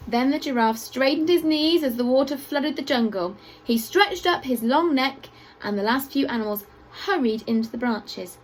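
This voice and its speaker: A high-pitched female teacher reads aloud from a picture book at a school assembly for children. She brings the story to life with expressive delivery and playful side comments, captured on a rough recording.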